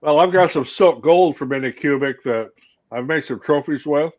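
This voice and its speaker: A man with a Midwestern accent co-hosting a livestream, relaxed and joking as he reads out viewer comments. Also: on the high side, normal speed. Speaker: livestream co-host. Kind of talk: casual livestream chat. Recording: muffled lo-fi mic.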